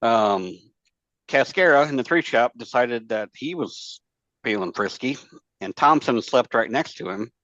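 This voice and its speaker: A man's voice: mid-range voice, animated, a little slow, fairly bright tone, no room sound. A man telling war stories as a podcast guest, rambling and profane, with lots of fillers and restarts. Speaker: podcast guest, former Marine. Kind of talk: casual storytelling chat. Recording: dull lo-fi dry sound.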